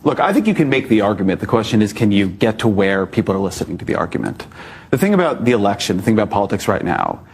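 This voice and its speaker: Husky-voiced man arguing a point. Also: lowish voice. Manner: thoughtful, restarts to make a point. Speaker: talk show guest. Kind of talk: conversational panel discussion.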